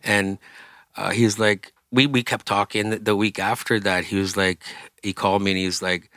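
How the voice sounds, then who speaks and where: A man's voice: on the low side, flat delivery, normal speed, a bit bright, no echo, studio quality. A man, a singer and interview guest, telling a story casually, acting out quoted voices and swearing freely.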